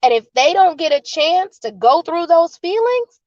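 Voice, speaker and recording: A woman guest on an interview, explaining birth and postpartum support earnestly and calmly with examples, over dull video call audio. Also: extremely high pitch, normal speed, no room sound.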